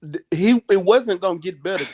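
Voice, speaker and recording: A man's voice: high voice, fairly quick. Emphatic man breaking down a fight. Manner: emphatic, loud and repetitive, slangy. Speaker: boxing podcast co-host. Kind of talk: heated casual chat.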